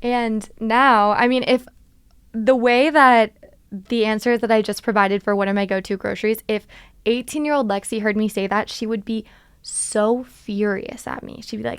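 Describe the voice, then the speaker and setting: Woman, 20s, podcast host; smooth, resonant voice, dry close sound, candid confessional delivery. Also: a little high, moderate pace, dry recording. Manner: animated, confessional, laughs at herself. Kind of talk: candid solo podcast talk.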